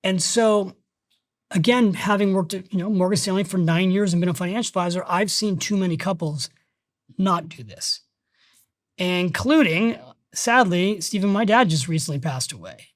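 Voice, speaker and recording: A middle-aged man, a guest on a podcast interview, who talks about money in an emphatic, energetic way and tells stories as he goes. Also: high voice, moderate pace, no room sound, studio quality. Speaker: guest, financial author.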